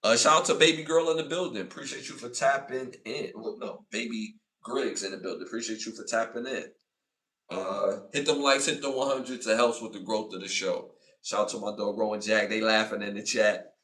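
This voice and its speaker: A man's voice: on the low side, a little fast, recorded from a distance. A man hosting a live podcast, talking casually to his chat and repeating points for emphasis. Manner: animated, repeats himself, acts out arguments in raised voice. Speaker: podcast host. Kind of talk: casual live-stream commentary.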